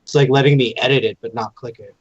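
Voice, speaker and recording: A man's voice: mid-range voice, steady tone, fast talker, no echo, lo-fi sound. A man playing a tabletop game, talking casually with lots of fillers and eager calls to act. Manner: hesitant, filler-heavy, eager. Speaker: player.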